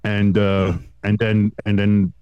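A man co-hosting a casual sports podcast, talking in a rambling, animated way with restarts and swearing, still getting over a cold. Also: lowish voice, slow, smooth, no echo, highs cut off. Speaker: podcast co-host.

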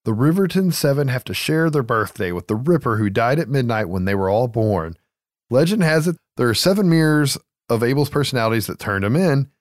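A man's voice: medium pitch, no room sound, studio quality. A man co-hosting a casual movie recap, loose and profane, laughing easily. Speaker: podcast co-host.

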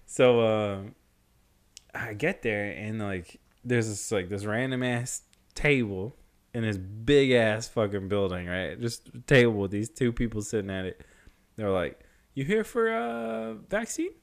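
A young man telling a story in casual chat, slangy, swearing a lot and animated. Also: on the low side, a little slow.

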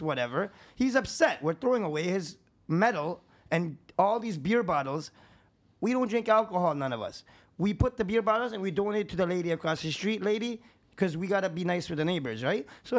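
High-voiced man telling profane stories. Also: brisk. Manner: profane, animated, rambling anecdotes; swings between low asides and raised excitement. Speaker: podcast guest. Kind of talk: casual storytelling.

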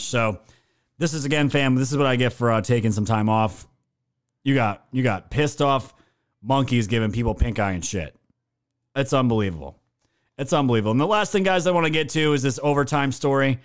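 A man's voice: medium pitch, smooth. A man hosting a casual live stream, reacting to news with crude, mocking jokes and frequent laughter. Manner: profane, mocking, laughs often. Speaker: livestream host.

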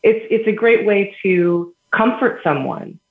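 A woman with an expressive, medium-pitched voice talks at a measured pace as a podcast interview guest, offering earnest explanations grounded in everyday examples and laughing between points. The line is echoey and phone-quality.

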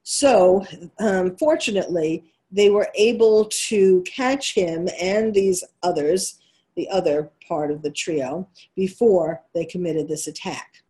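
A woman's voice: lowish voice, takes it slowly, mellow. A woman with a New York accent hosting a talk radio show, delivering an emphatic monologue full of rhetorical questions.

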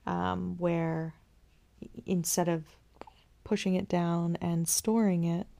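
A young woman hosting a podcast, telling a personal story in a soft, reflective way, with many pauses and repeated phrases. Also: lowish voice, flat delivery, vocal fry. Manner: slow, soft-spoken and reflective, many "um"s and repetitions. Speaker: podcast host.

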